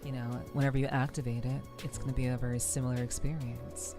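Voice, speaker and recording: Speaking quickly in a level tone with a bass voice, this woman streams over background music. Her casual chat with viewers wanders, full of free swearing and frequent laughter.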